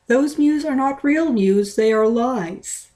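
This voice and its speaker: A woman's voice: a little high, takes it slowly, dark tone, pitched above the performer's own voice. A woman voicing a male pet cat who pleads earnestly with his master. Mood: insistent.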